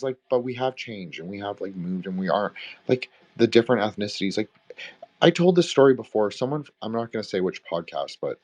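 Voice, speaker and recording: A man's voice: on the low side, darkish tone. A young man from Canada, co-hosting a podcast roundtable in a rambling, profane, filler-heavy casual chat. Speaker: podcast co-host.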